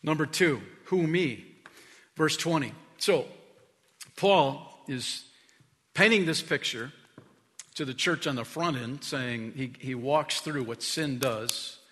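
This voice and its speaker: A man preaching a sermon as pastor, telling stories with emphasis, dropping to a hush and rising to loud calls. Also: medium pitch, big-room sound. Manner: emphatic storytelling preacher, swinging from hushed to loud. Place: church sanctuary. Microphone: stage mic.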